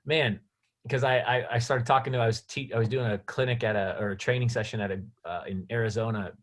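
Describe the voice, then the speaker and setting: A man's voice: mid-range voice, fairly even intonation, fast. A man hosting a session and training snowboard instructors, explaining ideas in an enthusiastic, rambling way on a video call. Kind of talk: casual chat on a video call.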